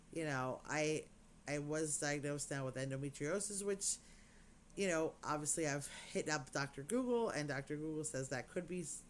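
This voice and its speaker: A woman's voice: sits low, a little hiss or hum. A woman chatting casually to camera as a crafting vlogger, rambling with lots of "you know"s.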